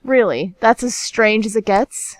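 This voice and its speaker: A woman's voice: on the high side, a little slow, no echo. A woman guest on a casual podcast, mostly reacting with short interjections. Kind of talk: casual chat.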